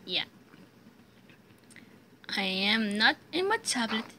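A woman's voice: a little high, big pitch swings, slow pace, bright, forceful tone, a little hiss or hum, poor audio. A woman with a sore throat hosting casual let's-play commentary, giggling, rambling and repeating words as she plays. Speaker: gaming channel host. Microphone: phone mic.

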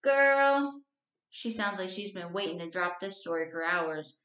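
A woman teacher reading a novel aloud to her class, telling the story at a steady, even pace. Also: lowish voice, moderate pace. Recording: roomy, slightly dull recording.

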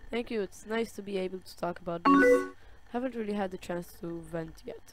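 A woman playing a game on camera, reading its chat messages aloud in a slow, drawn-out way and reacting with soft sympathy. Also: mid-range voice. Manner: reads dialogue slowly, with soft sympathetic reactions. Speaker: gaming video creator. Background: loud game music and keyboard typing.

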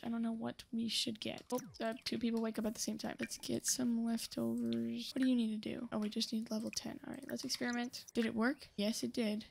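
A young woman with a fairly high, creaky voice chats casually through her gameplay on her gaming channel. She talks to the characters on screen and tells them off.

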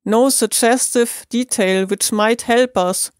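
Brisk detective urging action in a storybook reading, commanding tone , read by a German-accented woman. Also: fairly high pitch, steady tone, smooth, no echo, studio quality. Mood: urgent. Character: brisk, forceful adult male detective.

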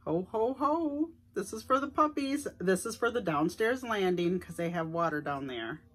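A woman's voice: on the low side, normal speed, a bit bright. A middle-aged woman, chatting casually to viewers at home as she shows off her shopping haul. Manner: chatty and enthusiastic, addresses viewers directly. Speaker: vlogger showing a shopping haul. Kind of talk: casual haul vlog chat. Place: at home indoors.

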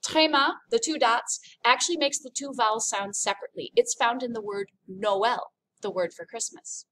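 Woman from the United States, high voice, upbeat French teacher, slow clear demonstrations. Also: sharp tone, slight background noise. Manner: upbeat, explains slowly and demonstrates sounds. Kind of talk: recorded online lesson.

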